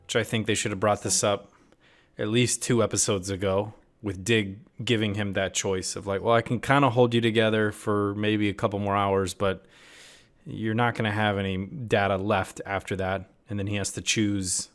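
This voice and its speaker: A man's voice: fairly low pitch, level tone, normal speed. Puzzled man reviewing a TV episode. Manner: puzzled, critical, reads out lines of dialogue. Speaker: TV series reviewer. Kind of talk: casual reaction commentary.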